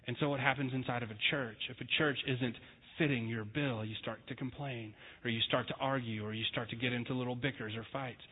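A man's voice: medium pitch, fairly even intonation, a little fast. A young male pastor preaching a conversational sermon, with a joking, easygoing manner. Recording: tinny phone-like sound with long reverb.

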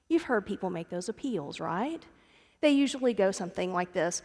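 A woman's voice: mid-range voice, very animated, normal speed. A middle-aged woman pastor giving a sermon, telling a family story and calling her congregation "friends". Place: church sanctuary. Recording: long church reverb.

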